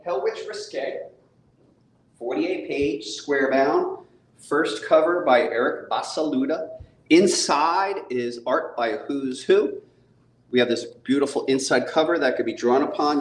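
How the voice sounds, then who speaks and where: A man hosting a casual live-stream chat, upbeat and chatty. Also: medium pitch. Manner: upbeat, chatty, laughs often. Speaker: host and comic book publisher. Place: studio set with a bar. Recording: echoey room.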